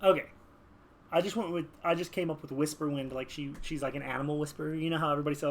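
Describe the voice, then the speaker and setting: Man, fairly high voice, rambling casual gamer talk, filler-heavy, animated. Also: very fast. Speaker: gaming video creator. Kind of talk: casual talk while building a game character.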